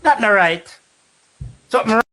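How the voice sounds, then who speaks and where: A man's voice: high voice, lively intonation, moderate pace, bright, forceful tone. Jamaican man rambling about politics, faint hiss. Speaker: political debater. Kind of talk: casual political discussion.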